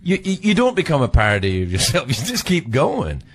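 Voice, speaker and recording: A man's voice: medium pitch, huge pitch swings, fairly quick. A man with a Scottish accent in casual conversation, who laughs often. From Scotland.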